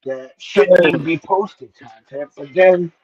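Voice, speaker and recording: A man hosting a casual livestream chat who talks haltingly, with many fillers and restarts. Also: high-pitched, breathy edge, lo-fi sound. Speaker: streamer host.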